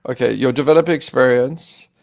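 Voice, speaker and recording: A man hosting a casual technical chat, hesitant and gravelly, trailing off softly. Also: medium pitch, brisk.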